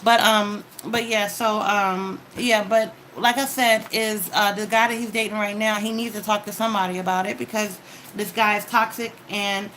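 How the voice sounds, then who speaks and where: A woman's voice: mid-range voice, level tone, moderate pace, fairly bright tone, slight background noise, low-quality recording. A woman giving a casual tarot reading, talking straight to the viewer with advice and frequent "okay?" check-ins. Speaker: tarot card reader.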